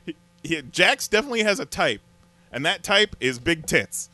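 Co-host, male, bright and bouncy, quick to laugh and make crude jokes. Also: fairly high pitch, sing-song. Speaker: podcast co-host. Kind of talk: casual chat.

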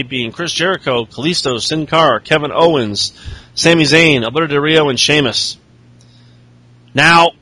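Male co-host, crude and mocking, high lively voice. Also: no echo. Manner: crude, sarcastic, mocking impressions. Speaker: podcast co-host. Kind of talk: casual wrestling recap chat.

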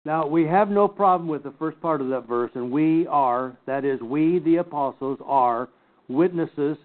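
An older man teaching a Bible class, slowly and emphatically picking apart scripture word by word. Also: on the high side. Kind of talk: Bible study lecture. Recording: tinny phone-like recording.

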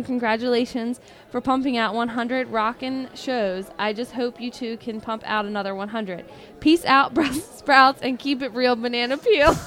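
A woman's voice: a little high, a bit bright. A woman co-hosting a podcast, reading a listener's message aloud in an upbeat, giggly way. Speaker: podcast co-host.

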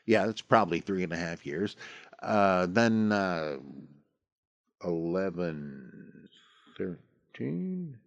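Low-voiced man musing aloud, dry recording. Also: sing-song, creaky, no room sound, muffled recording. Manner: halting, thinking aloud with many fillers. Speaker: podcast host answering listener questions. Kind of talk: casual talk, reading scripture and listener mail.

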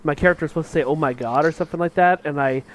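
Male co-host, fairly high voice, teasing and animated. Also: very fast, low-quality recording. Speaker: podcast co-host. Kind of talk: casual chat.

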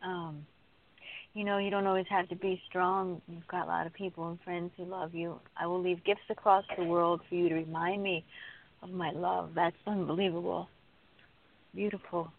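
A woman co-hosting a live poetry radio show, speaking softly and emotionally and reading poems aloud. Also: on the low side, flat delivery, moderate pace, gravelly, slight background noise. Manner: emotional, soft-spoken, laughs while reading. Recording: tinny phone-line audio.

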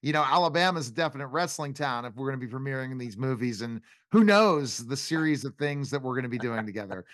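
A man's voice: medium pitch, expressive, quick pace, few pauses, a bit bright, dry recording. A man hosting a talk show, introducing guests with upbeat enthusiasm. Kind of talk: casual interview chat.

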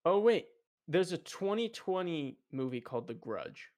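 A young man co-hosting a casual podcast, playful and teasing, quick to laugh. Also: on the high side, very animated, a little mellow. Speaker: podcast co-host. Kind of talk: casual chat.

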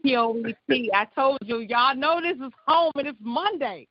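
A woman's voice: sits high, normal speed, no room sound. A woman from Illinois performs freestyle spoken word poetry down a muffled phone line. Her delivery is rhythmic, emphatic and brash, with plenty of cussing. The sound is dry, with no room around it. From Illinois, USA. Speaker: caller and spoken word poet. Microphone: phone call-in.

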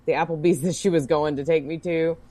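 Lowish-voiced woman telling a profane story. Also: steady tone, brisk, mellow. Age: adult working as a bartender. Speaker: podcast co-host. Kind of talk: casual storytelling chat.

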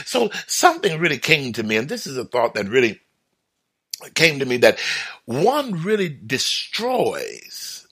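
A man giving a reflective motivational talk on a broadcast, animated and chuckling often as he acts out everyday remarks. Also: mid-range voice, husky. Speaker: broadcast speaker.

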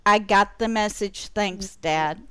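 A woman hosting a radio interview, chatty and quick to respond to her guest. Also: mid-range voice, sharp tone, clean tone, no room sound. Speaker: radio show host.

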